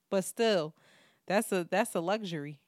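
Animated New woman telling a story. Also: mid-range voice, slow, dry recording, studio quality. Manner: animated storyteller acting out quotes, profane. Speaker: podcast co-host. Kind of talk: casual chat, storytelling.

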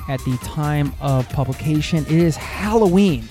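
A man's voice: a little high, lively intonation, normal speed, hardly any pauses, warm tone, soft background music. A man hosting a travel podcast, greeting listeners and chatting with his guest in a friendly, upbeat, casual way. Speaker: podcast host. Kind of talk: podcast intro and casual interview.

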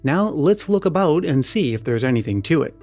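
A man reading the lines of a curious, commanding police lieutenant in a storybook, brisk and decisive. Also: fairly high pitch, lively intonation, darkish tone, no echo.

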